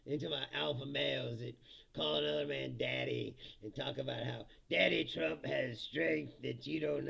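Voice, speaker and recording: High-voiced guy with a crackly gravelly edge, crude comedy rant, dull lo-fi sound. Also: bright, forceful tone. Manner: crude, mocking, often laughing at his own jokes. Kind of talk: profane comedic political rant.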